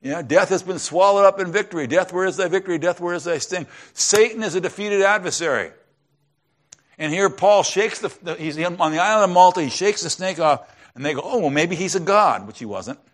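A man preaching a sermon in a conversational storytelling way, often dropping to a hushed tone to drive a point home. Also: high voice, a little fast. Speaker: pastor.

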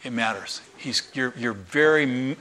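A man preaching a sermon in church, folksy and animated, sometimes shouting with excitement. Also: medium pitch, unhurried, slight background noise. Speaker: pastor.

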